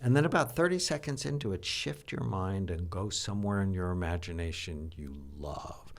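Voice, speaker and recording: Deep-voiced older psychiatrist explaining. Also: male voice, a little fast, gravelly. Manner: animated storytelling, teacherly. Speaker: psychiatrist guest. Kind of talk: interview conversation.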